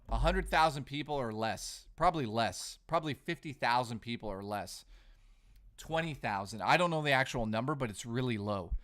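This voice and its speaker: A man hosting a casual live stream from home, talking in an animated, ranting way while reading out chat messages and thanking supporters. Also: mid-range voice. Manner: animated, ranting, bursts of laughter. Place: home living room.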